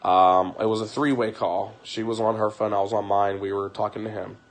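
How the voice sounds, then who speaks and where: A man's voice: lowish voice, level tone, a little fast. A young man telling a personal story on a livestream in a rambling way, acting out what others said. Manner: rambling, frequent fillers, acts out quoted voices. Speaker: streamer.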